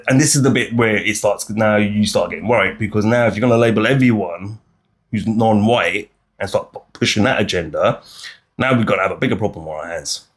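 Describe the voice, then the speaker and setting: British man, animated podcast debate, low-pitched voice, restarts and acted-out quotes. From United Kingdom. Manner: animated, acts out other people's lines, frequent restarts. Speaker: podcast co-host. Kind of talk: casual debate chat.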